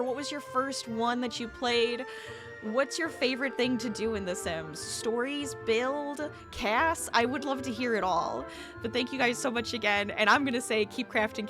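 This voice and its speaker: A woman gaming YouTuber chatting casually over her gameplay, upbeat and quick to laugh. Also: on the high side. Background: background music.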